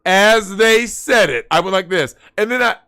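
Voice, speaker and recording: A man telling a story in casual chat, animated, swearing and repeating himself. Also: high-pitched, moderate pace, clear, resonant tone. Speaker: guest.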